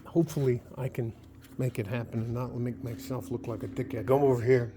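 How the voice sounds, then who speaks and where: A man's voice: medium pitch, steady tone, a little fast, background noise. A man vlogging in his home garage, talking in a rambling, profane, worked-up way. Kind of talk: casual vlog monologue.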